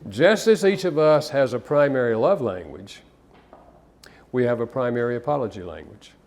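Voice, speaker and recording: A man's voice: medium pitch, expressive, normal speed, darkish tone. Conversational man telling stories in a seminar. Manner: conversational, storytelling, some repeated restarts. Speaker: counselor giving a seminar talk. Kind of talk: live seminar talk with anecdotes.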